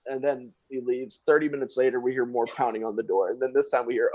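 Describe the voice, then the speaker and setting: A man's voice: mid-range voice, fast talker, hardly any pauses, darkish tone, dry recording, rough recording. A young man co-hosting a podcast, telling a story in a casual, profane way and acting out what people said. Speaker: podcast co-host.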